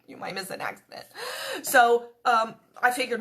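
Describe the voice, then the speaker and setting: A woman's voice: fairly high pitch, big pitch swings, moderate pace, gravelly, fairly bright tone. A woman giving a conversational devotional talk, chatty and earnest, slipping into little quoted prayers as she teaches. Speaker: devotional speaker.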